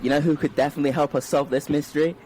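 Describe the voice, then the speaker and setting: A man's voice: a little high, fairly even intonation, rapid-fire, a little mellow, a little hiss or hum. A young man co-hosting a podcast, teasing and sarcastic in casual chat, swearing often. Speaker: podcast co-host.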